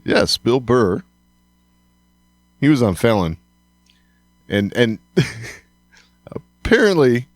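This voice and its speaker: A man co-hosting a podcast talks slowly, and his fairly low voice rises and falls a lot. He agrees often and laughs easily, recorded on a dry, close mic. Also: dry recording. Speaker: podcast co-host. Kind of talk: casual podcast chat.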